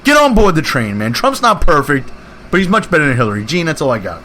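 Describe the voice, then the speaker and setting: A man with a Brooklyn accent, a guest on a political talk show, speaking in a fiery, energetic, exhorting way. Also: a little high, quick pace, a little hiss or hum. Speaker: guest co-host.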